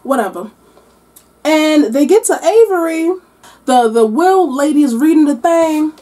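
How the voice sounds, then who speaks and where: Animated woman eating and chatting. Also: high voice, a little slow. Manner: animated, exclamatory, talking while eating. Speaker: book vlogger. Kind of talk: mukbang-style book wrap-up.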